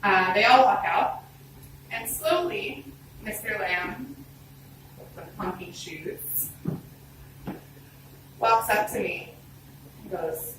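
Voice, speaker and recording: A woman telling a personal story on a live storytelling stage, expressive, conversational and self-deprecating. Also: medium pitch, takes it slowly, pauses often. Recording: roomy hall, distant mic, background noise.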